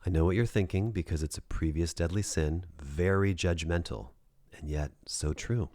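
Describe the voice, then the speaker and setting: A man's voice: low voice, moderate pace, warm tone, no echo, clean studio sound. A man working as a dating coach, giving advice in a direct, conversational monologue and checking in with the listener.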